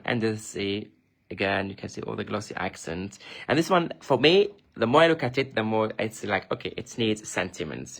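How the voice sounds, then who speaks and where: A man's voice: on the low side, vocal fry. A man presenting his craft projects on a casual live stream, chatty and enthusiastic, often restarting sentences and thanking viewers. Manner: reads viewer comments and thanks them warmly.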